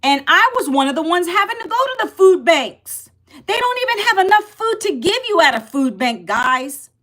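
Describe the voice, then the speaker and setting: A woman in her fifties hosting a casual livestream, loud and passionate, rambling and emphatic as she repeats herself. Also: very high-pitched, big pitch swings, moderate pace. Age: 50s. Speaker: livestream host.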